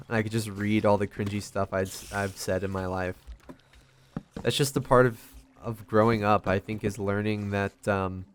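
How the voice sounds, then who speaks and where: A young man giving casual, rambling commentary while playing a video game, swearing a lot and making fun of himself. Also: on the low side. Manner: rambling, self-deprecating, swears often. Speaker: gaming vlogger.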